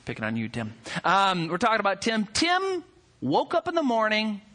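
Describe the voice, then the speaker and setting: A man's voice: sits high, sing-song, moderate pace, bright, forceful tone. A male pastor preaching a sermon that explains a text. He speaks emphatically, stresses key words and puts rhetorical questions to his listeners. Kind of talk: expository sermon.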